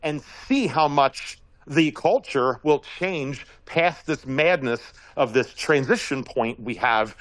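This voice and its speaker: A man giving a casual, rambling commentary monologue as a regular guest, telling stories in an animated way and laughing often. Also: mid-range voice, slow, few pauses, dry recording, poor audio.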